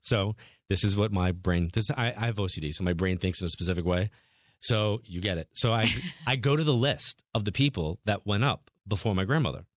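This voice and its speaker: A man's voice: fairly low pitch, brisk, no echo. A middle-aged man, a guest medium, telling long stories in casual chat and acting out the people he quotes. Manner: animated storyteller, acts out quotes. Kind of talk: casual storytelling.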